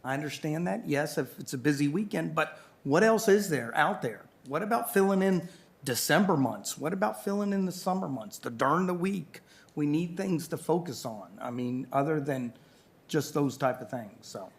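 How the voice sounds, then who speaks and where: A council member speaking earnestly and conversationally at a city meeting, raising questions. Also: male voice, fairly high pitch, expressive, normal speed, gravelly. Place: council chambers.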